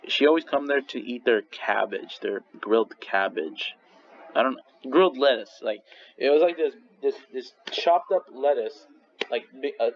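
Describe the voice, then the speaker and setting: A man's voice: mid-range voice, creaky. A young man casually ranking restaurants in a rambling, swearing vlog monologue full of restarts. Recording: slightly dull lo-fi recording with faint noise.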